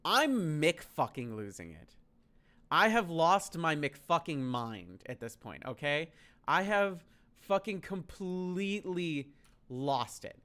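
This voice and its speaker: A man's voice: on the high side, big pitch swings, slow, bright, forceful tone. A man telling a story on a stream, profane, incredulous and exasperated.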